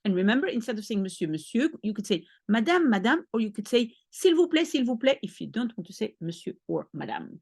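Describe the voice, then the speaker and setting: A Belgian woman with a Dutch first language teaches French to a beginner, speaking slowly and patiently and repeating each phrase. Her voice sits fairly high and swings widely in pitch. The sound is close and dry, with no room in it. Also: big pitch swings, a little mellow, husky, no room sound.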